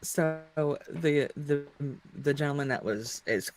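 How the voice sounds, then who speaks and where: A woman's voice: low-pitched, takes it slowly. A woman chatting on a gaming stream, telling a story and acting out other people's lines. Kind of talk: casual gaming stream chat.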